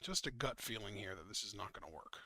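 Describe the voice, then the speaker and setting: A man's voice: fairly low pitch, expressive, fast talker, bright, forceful tone, dry recording, clean studio sound. A man hosting a casual podcast stream from his computer, talking frankly and swearing freely. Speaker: podcast host running the stream. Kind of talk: casual chat. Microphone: computer mic on a call.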